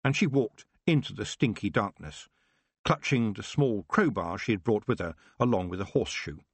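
A man narrating an audiobook with expressive storytelling. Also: on the low side, normal speed, breathy edge, dry recording. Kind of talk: scripted narration.

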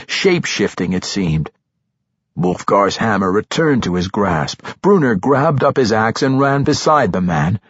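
A man narrating a fantasy novel with expressive storytelling, slowing for suspense. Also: fairly low pitch, husky, no room sound, lo-fi sound. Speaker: audiobook narrator.

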